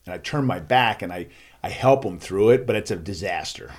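A man telling a lively story as a guest in a conversation, acting out the voices of the people in it. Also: fairly low pitch, a little fast. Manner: acts out voices, lively and playful. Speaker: guest, school assembly speaker.

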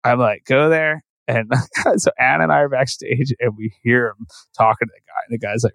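A man's voice: medium pitch, steady tone, brisk, vocal fry, fairly bright tone, no echo, low-quality recording. A man guest on a podcast, telling tour stories in a rambling, profane way and saying "like" constantly. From Philadelphia. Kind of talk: casual storytelling.

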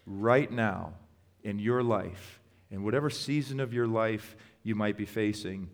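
A man preaching a sermon as pastor, retelling scripture stories and slowing down to stress key words. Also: fairly low pitch. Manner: storytelling, with emphatic slow stresses. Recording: long reverb of a hall.

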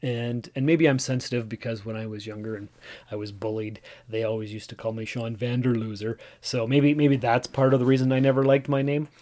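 A man in his forties talks alone into the mic for his podcast. He rambles and doubts himself, restarting his sentences often. His pitch sits in the middle range. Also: level tone, brisk, darkish tone. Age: 40s. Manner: rambling and self-deprecating, with many restarts. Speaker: podcast host. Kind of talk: casual solo podcast monologue.

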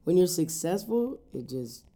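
Gravelly, dark-voiced male podcast host. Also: high-pitched, big pitch swings. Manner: laid-back, joking, drawn-out storytelling. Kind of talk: casual interview chat.

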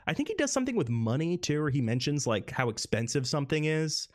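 A man's voice: fairly high pitch, very animated, quick pace. A man co-hosting a casual movie podcast who talks animatedly and acts out the film's scenes. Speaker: podcast co-host.

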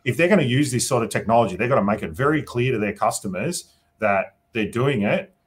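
An Australian politician answers interview questions casually, thinking aloud and sprinkling in "you know" and "right?" as he goes. His husky, medium-pitched voice has lively intonation and moves a little fast.

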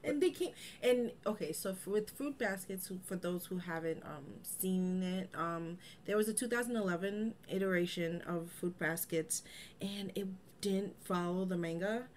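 Chatty female podcast co-host, lowish voice. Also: normal speed, slight background noise. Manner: chatty, animated, laughs easily. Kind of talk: casual chat.

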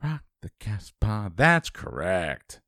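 A man hosting a trivia quiz, reading questions briskly and dropping dry quips. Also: lowish voice, sing-song, sharp tone, dry recording.

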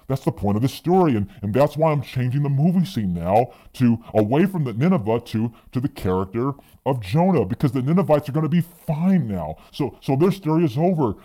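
This is God as a gentle, unhurried male deity, acted out by a man in the middle of a sermon. His voice sits lower than the preacher's own and sounds warm and mellow. He speaks with steady, reassuring calm. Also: close to an everyday voice.

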